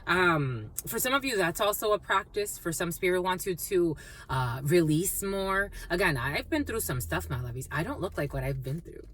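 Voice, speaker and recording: A woman gives a casual spiritual tarot reading to her viewers at normal speed, her animated voice swooping high and dropping low. She talks freely, repeats phrases, and calls listeners "my lovies," in a low-quality recording with slight background noise.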